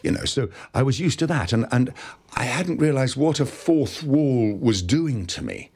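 A middle-aged actor telling stories in an interview, animated and stumbling over restarts. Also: male voice, mid-range voice, normal speed, slightly rough. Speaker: actor, guest. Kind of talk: interview anecdote.

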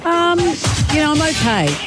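A woman's voice: high-pitched, big pitch swings, loud music behind the voice. Grieving woman in her sixties. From Australia. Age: 60s. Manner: emotional, halting, tearful. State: grieving, close to tears. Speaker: radio co-host. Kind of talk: casual radio chat.

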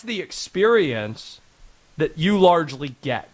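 A sports talk radio host, a man in his thirties, riffs in a casual, sarcastic, rambling way. His voice climbs and drops a lot as he talks, and it sits a little on the high side. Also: big pitch swings, measured pace, fairly bright tone.

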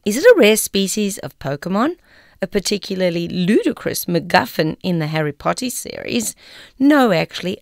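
An older woman from Australia reading a film review aloud in a wry, expressive way. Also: lowish voice, gravelly, dry recording, studio quality. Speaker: co-presenter reading an article.

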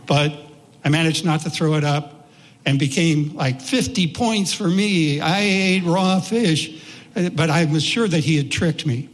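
Storytelling man in a reverberant hall. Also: a little high. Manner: folksy, unhurried, with voiced quotes. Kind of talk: personal storytelling.

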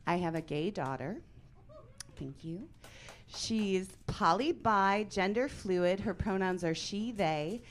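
A woman in her forties performing a stand-up comedy set on a club stage, deadpan with sudden loud punchlines. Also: mid-range voice, slow pace, slight background noise.

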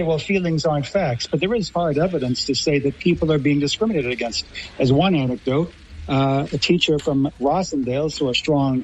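An American man from Los Angeles, a guest linguist on a radio panel, talking in a measured, analytical way. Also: fairly high pitch, slight background noise, rough recording. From Los Angeles, USA.

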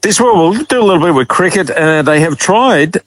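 A man talking sport on radio, sarcastic and quick to chuckle. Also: fairly high pitch, animated, no room sound. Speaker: sports commentator guest. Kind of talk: casual radio banter. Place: radio studio. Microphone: studio microphone.

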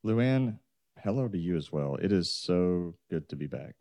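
A man co-hosting a retirement finance radio show, talking in an energetic, loose, rambling way from the studio. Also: sits low, measured pace, no echo. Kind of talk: casual radio talk show chat.

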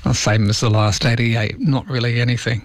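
A chatty man runs a morning show monologue, loose and conversational, with dry asides. His voice sits at an ordinary middle pitch. The sound is close and dry, with no room around it. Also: steady tone, moderate pace, no room sound. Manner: chatty, wry, mock-dramatic asides. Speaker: show host.

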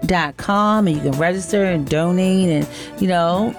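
A woman, chatting on the radio about an event she organizes, upbeat and quick to laugh. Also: lowish voice, faint music behind. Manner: upbeat, laughs often, spells out web addresses. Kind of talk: casual radio chat.

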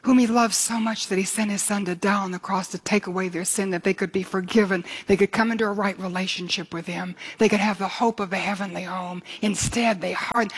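A woman's voice: mid-range voice, fairly even intonation, fairly quick, hardly any pauses, slightly rough. Older woman, preacher, fervent sermon delivery, earnest. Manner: earnest, fervent, rises for scripture readings.

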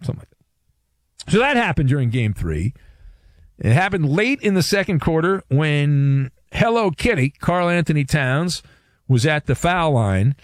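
A man's voice: a little high, very animated, a little slow, no room sound, studio quality. A man hosting a sports talk radio show, delivering a playful, wisecracking monologue.

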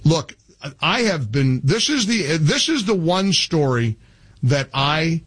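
Husky, emphatic talk radio host, dry sound. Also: male voice, on the high side, very animated, slow, fairly bright tone, no echo. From Irish family heritage. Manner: emphatic, opinionated, laughs at callers. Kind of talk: talk radio commentary and host-read ads.

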